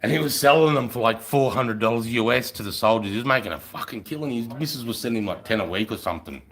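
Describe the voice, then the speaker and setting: A man's voice: mid-range voice, fast, a bit bright. A middle-aged Australian man, a former soldier, telling blunt, profane stories in casual podcast chat. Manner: blunt, heavily profane storytelling.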